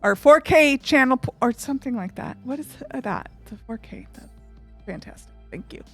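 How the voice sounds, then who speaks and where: A woman's voice: sits high, expressive, normal speed, faint music behind. A woman streamer chatting casually and openly, rambling with lots of fillers. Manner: open and emotional. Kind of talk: casual live-stream chat.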